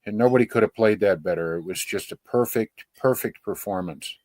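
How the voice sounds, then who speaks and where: A man in his sixties co-hosting a podcast in casual chat, lively and a little hammy, teasing his co-host. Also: fairly low pitch, brisk, no echo, clean studio sound. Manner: lively, self-described ham, teasing.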